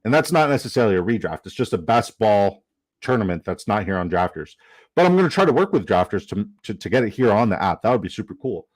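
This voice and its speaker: Excitable young man streaming fantasy drafts. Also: lowish voice, quick pace. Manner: excitable, swears, reads chat aloud. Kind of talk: casual live-stream chat.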